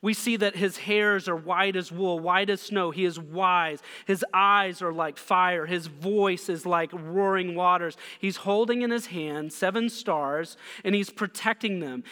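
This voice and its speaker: A man preaching a sermon who reads scripture slowly and softly, then explains it with quick restarts. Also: high voice, smooth, big-room sound. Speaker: pastor.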